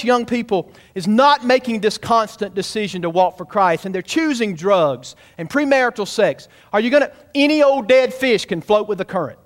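Pastor in the pulpit, high-pitched, emphatic, pushes the congregation to respond. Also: male voice. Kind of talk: sermon. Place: church sanctuary.

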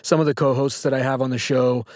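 A man's voice: mid-range voice, steady tone, fast, a little mellow, dry recording. Eager male podcast host, dry sound. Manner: eager, affirming interjections. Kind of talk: casual interview questions.

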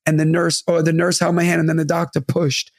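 A young man chats into a close studio mic, his voice high and rough with a gravelly edge. He tells stories in an animated way, swears freely and acts out the people in them. The sound is dry, with no room around it. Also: a little fast, dry recording. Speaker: podcast co-host. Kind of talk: casual storytelling chat.

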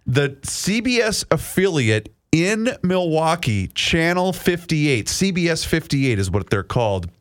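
A man's voice: on the high side, very animated. A middle-aged man, hosting a casual chat and telling a story at an easy pace. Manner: chatty storyteller, reads ad plugs quickly. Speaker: radio show host.

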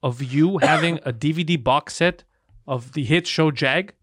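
A man's voice: on the high side, moderate pace, a bit bright, no room sound, studio quality. A man co-hosting a podcast, joking crudely and laughing often, slipping into mock voices. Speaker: podcast co-host. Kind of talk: crude casual banter.

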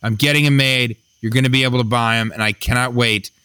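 A man hosting a comedy podcast, chatting quickly and enthusiastically and laughing along. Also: medium pitch, fairly even intonation, pushed and bright, clear, resonant tone, dry recording. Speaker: podcast host. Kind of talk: casual comedic chat.

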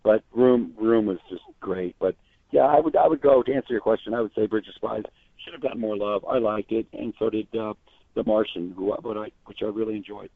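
Chatty male reporter guest on a phone line, lowish voice, dry and tinny. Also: fairly quick, no room sound. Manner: chatty storyteller with frequent restarts. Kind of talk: casual phone interview.

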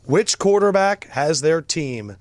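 A man co-hosting a sports podcast, steering the casual chat with quick questions and numbers. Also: a little high, animated, a little mellow, no echo. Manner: leads the talk with quick questions. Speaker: podcast co-host.

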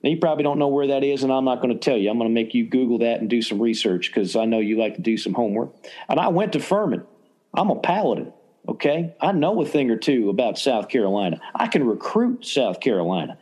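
A man putting on a cocky Southern college football coach at a press conference. He brags and promotes himself in a put-on Southern drawl, pitched a little lower than his usual voice. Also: very animated, fast, darkish tone. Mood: boastful. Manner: brash, self-promoting press-conference talk. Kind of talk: mock press conference impression.

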